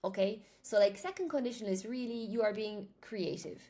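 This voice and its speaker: A woman's voice: medium pitch, brisk, dark tone. A woman teaching English in a chatty live lesson, greeting viewers by name as she explains grammar.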